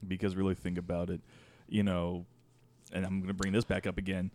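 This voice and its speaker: A man on a casual podcast, talking in a wry, deadpan way. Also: sits low, fairly quick. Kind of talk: casual chat.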